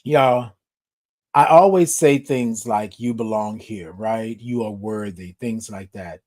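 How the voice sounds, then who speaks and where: Slow and darkish in tone, a man's fairly low voice carries a motivational livestream. He speaks right to his viewers, hammering home repetitive, emphatic affirmations.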